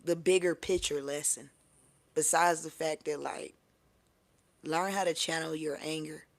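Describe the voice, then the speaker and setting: A tarot reader with a gravelly, fry-heavy voice, telling a story loosely to the camera. The talk is profane and full of fillers like "you know what I'm saying". The pitch sits in the middle of the range. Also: steady tone, measured pace. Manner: laughs often. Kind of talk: casual storytelling.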